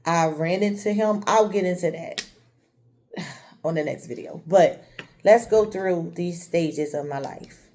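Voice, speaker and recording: A woman's voice: lowish voice, measured pace, warm tone. A woman from the Chester, Pennsylvania area telling her own life story candidly and speaking straight to her viewers. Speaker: vlogger. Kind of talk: personal storytelling vlog.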